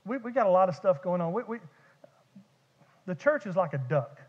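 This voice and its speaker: A man preaching a sermon as pastor, animated and conversational, with vivid humor and repeated words. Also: high-pitched, normal speed, slightly rough. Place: church sanctuary. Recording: dull echoey church hall.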